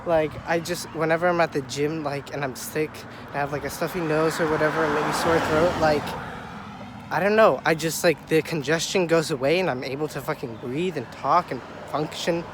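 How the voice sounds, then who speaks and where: Walking outdoors along a city street, a young vlogger with a blocked nose talks breathlessly and excitedly into a phone at arm's length, cursing as he rambles. He has a fairly high pitch and a moderate pace, and faint traffic sounds can be heard.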